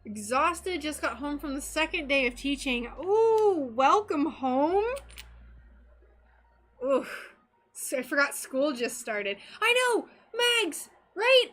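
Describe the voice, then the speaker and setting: A woman's voice: high voice, big pitch swings, takes it slowly, a bit bright, soft background music. A young woman chatting casually with her live-stream viewers while she works, bubbly and gushing. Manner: bubbly and gushing, talks to chat. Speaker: stained glass streamer.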